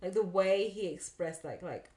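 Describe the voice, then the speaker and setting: A woman's voice: medium pitch, normal speed, a little mellow, echoey room. A woman co-hosting a podcast in easygoing casual chat, often agreeing and thinking aloud. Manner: easygoing, many fillers and agreeing yeahs. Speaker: podcast co-host.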